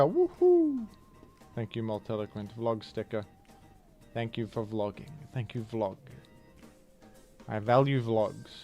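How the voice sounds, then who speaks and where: A young adult man's low, gravelly, darkish voice carries casual commentary as he streams a guessing game. He's playful, laughs often and tosses in mock British accents as jokes.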